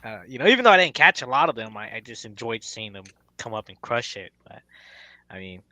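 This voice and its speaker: Relaxed guy, bright tense voice, dry close sound, lots of uh and you know. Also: medium pitch, a little fast, no echo, low-quality recording. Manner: relaxed, hesitant with fillers. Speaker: tournament winner interviewee. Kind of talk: casual chat.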